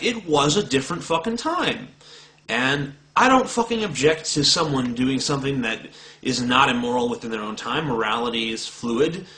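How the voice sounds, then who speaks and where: A man's voice: fairly high pitch, pushed and bright, low-quality recording. A man recording a blunt, profane video response, talking straight to the camera. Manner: blunt, combative, swearing freely. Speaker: video blogger.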